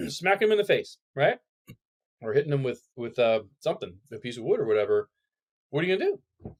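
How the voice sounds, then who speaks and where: A man's voice: mid-range voice, brisk. A man co-hosting a retirement planning podcast, talking casually and acting out quoted people. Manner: animated, acts out quoted people. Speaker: podcast co-host.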